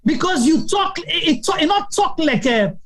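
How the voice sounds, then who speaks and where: A woman with a Sierra Leonean accent co-hosting a live talk show, giving animated political commentary. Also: very high voice, normal speed, crowd noise, low-quality recording.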